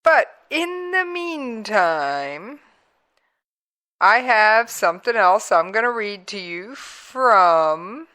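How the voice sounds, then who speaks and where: A woman talk radio host with a bright, forward tone and an unhurried delivery. She talks in a conversational, emphatic way, leaning on pauses for effect. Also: mid-range voice. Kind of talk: talk radio commentary with played clips.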